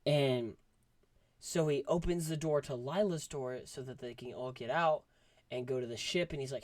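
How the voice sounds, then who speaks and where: Man, casual movie review, excitable, rambling, lots of fillers, dry close sound. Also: mid-range voice, normal speed, no room sound.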